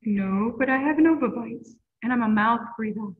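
Woman voicing a breathy timid monster boy. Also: a little high, normal speed. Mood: polite. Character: timid male substitute monster, breathy and polite. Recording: tinny lo-fi phone-like audio.

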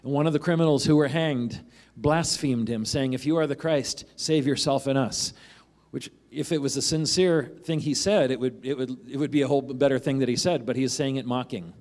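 A man's voice: medium pitch, fairly even intonation, a little fast, hardly any pauses, a little mellow. A man preaching a sermon as a pastor, in a conversational way, often asking "right?" and acting out the voices of the people in the passage he reads.

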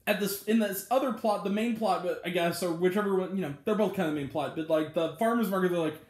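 A man with a notably high voice gives a casual movie review for his own channel. He rambles happily, leaning on filler words and chuckling through the bits he retells. The recording carries a roomy echo. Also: quick pace.

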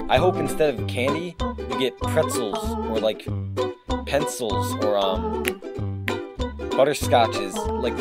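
A man doing a comedic vlog skit, with loud, over-the-top exclamations. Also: medium pitch, rough recording. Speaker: YouTuber.

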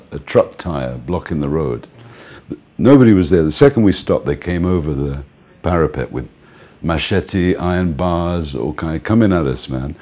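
Being interviewed, an older man who works as a music manager shares anecdotes in a rumbling low voice. He's animated, laughs a lot, and impersonates the people he quotes.

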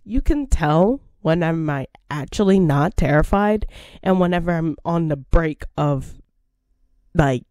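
A woman's voice: low-pitched, a little mellow, no room sound, studio quality. A woman gaming creator chatting casually to her viewers, rambling, giggly and repeating herself.

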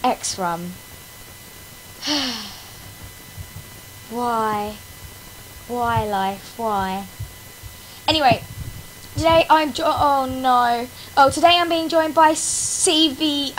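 A woman's voice: high voice, very slow, pauses often, fairly bright tone, slight background noise, low-quality recording. A woman hosting her gaming channel in casual gameplay commentary, melodramatically complaining about her failures with wails and laughter.

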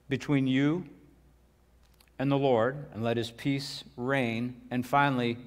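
A man's voice: medium pitch, fairly even intonation, takes it slowly. A middle-aged male pastor preaching a sermon in a casual, folksy way, full of asides and repeated words. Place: church sanctuary. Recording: reverberant church hall.

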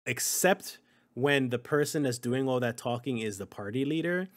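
A man's voice: medium pitch, animated, normal speed. A man co-hosting a gaming podcast in casual chat, easygoing, with lots of fillers and casual swearing. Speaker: podcast co-host.

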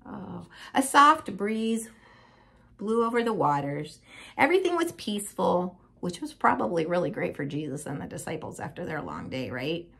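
A woman telling a Bible story to young children in an animated, sing-song manner, like a children's Bible teacher. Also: on the low side, brisk, gravelly, slightly rough.

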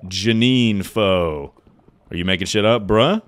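Speaking slowly in a lowish voice, a young man streams a game and casually chats with viewers, reading their messages aloud. He's loose and joking and curses freely.

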